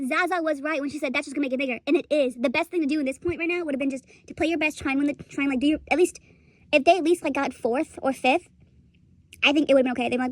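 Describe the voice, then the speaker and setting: Young woman vlogger, high voice, dry close sound, rambling swearing rant. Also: rapid-fire, dry recording. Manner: rambling, profane, laughs often. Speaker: streamer commentator. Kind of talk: casual rant commentary.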